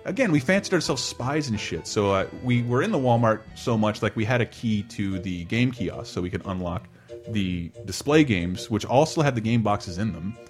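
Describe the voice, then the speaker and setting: A man in his thirties casually telling a long personal story on a podcast, animated and laughing, acting out quotes in a high voice. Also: normal speed, faint music behind. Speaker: podcast co-host.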